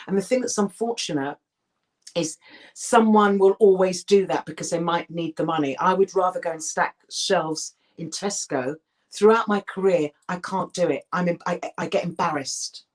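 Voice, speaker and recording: This middle-aged actress, voice on the low side and speed normal, opens up in an interview. Her delivery is animated and emphatic, punctuated by frequent restarts.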